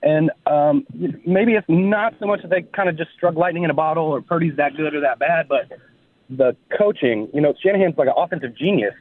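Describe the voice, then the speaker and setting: Casting: male radio caller, slightly high voice, tinny phone line, hesitant. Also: fairly quick, no room sound. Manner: hesitant, many ums. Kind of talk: call-in talk radio.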